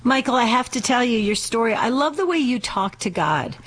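A woman's voice: on the high side, animated, fairly quick. Woman co-hosting a faith talk show. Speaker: radio talk show co-host. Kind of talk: radio chat.

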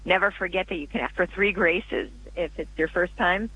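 A man with a high, bright voice talks as an interview guest. He is earnest and reflective, often pausing mid-thought before going on. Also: a little hiss or hum, poor audio. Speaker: guest author. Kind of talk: radio interview.

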